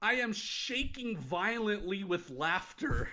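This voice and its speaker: A man's voice: high-pitched, animated, takes it slowly, pushed and bright. A man in his late thirties, a former wrestler co-hosting a podcast, tells stories in a rambling way and keeps laughing through them. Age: late 30s. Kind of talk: casual storytelling chat.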